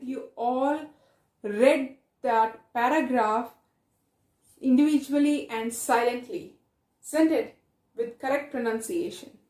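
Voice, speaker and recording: A woman's voice: high voice, a little mellow, roomy sound. A woman teaching a reading lesson in English with a South Asian accent, repeating her questions and praising answers.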